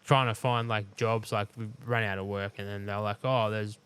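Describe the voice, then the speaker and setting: A man's voice: lowish voice, steady tone, normal speed, a bit bright, clear, resonant tone. A man co-hosting a casual podcast, ranting about old workplace frustrations with lots of swearing and acted-out quotes. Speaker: podcast co-host. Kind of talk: casual chat.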